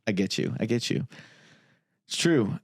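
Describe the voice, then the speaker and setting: A young man co-hosting a podcast in relaxed, slangy casual chat, wrapping up the episode. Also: mid-range voice, a little slow, breathy edge, no room sound, clean studio sound. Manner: laid-back, slangy. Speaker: podcast co-host.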